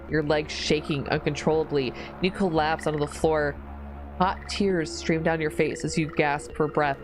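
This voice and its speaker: A woman with a low voice reads a horror visual novel aloud to her stream, lingering slowly over the gruesome narration. She breaks off into squealing, disgusted reactions and laughter. Faint music plays behind her. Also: rough recording.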